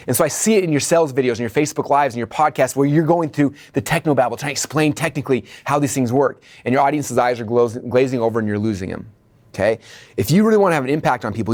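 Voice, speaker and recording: A man's voice: medium pitch, a little mellow. A man coaching a business training lesson with energy, checking in with "okay?" and "right?" and acting out the dialogue in his stories.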